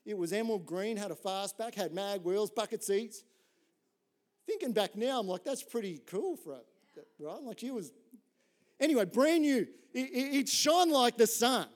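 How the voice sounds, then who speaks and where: In a sermon built around a story, an Australian pastor in his middle years talks at moderate speed with a rather high-pitched voice. He keeps it animated and conversational, often asking "right?" and mixing lighthearted moments with serious ones.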